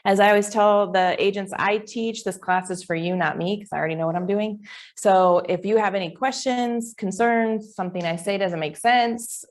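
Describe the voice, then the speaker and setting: A woman's voice: medium pitch, steady tone, normal speed. A middle-aged woman teaching a live class in a chatty, informal way that rambles off track. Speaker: real estate instructor. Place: classroom with online attendees.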